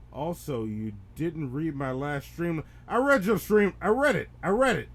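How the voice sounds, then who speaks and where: Emphatic male podcast co-host, casual comedic chat, pitch-swinging, a bit high. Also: measured pace, a little hiss or hum. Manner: animated, emphatic, repeats himself for effect.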